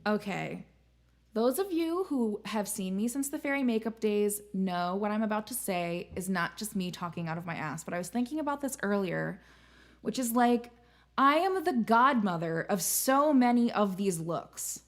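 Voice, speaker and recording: Casual young female streamer, middle pitch, frank and talkative, drops the odd curse. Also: lively intonation, moderate pace. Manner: candid, chatty, swears casually. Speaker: streamer and host. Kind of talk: casual live-stream chat.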